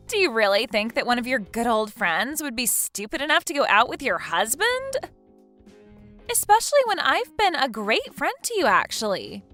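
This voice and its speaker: A woman reading a smug, scheming friend who stole a husband, taunting and laughing at her victim. The voice is high, bright and lively in its swings, with faint music underneath the text story dialogue. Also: exaggerated voice. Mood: gloating. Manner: taunting, gloating, laughs mockingly.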